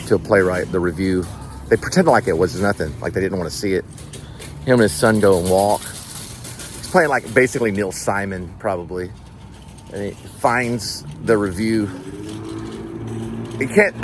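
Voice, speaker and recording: A man's voice: low voice, background noise. A man hosting a casual vlog, telling a rambling, digressive story full of fillers and restarts, recorded in a car. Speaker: vlog host.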